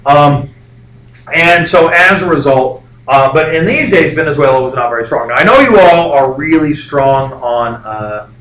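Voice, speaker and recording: A man's voice: on the high side, animated, normal speed, fairly bright tone, far from the mic. A male history teacher giving a rambling, joking classroom lecture full of fillers. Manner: rambling, jokey, many fillers. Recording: echoey classroom, faint background noise.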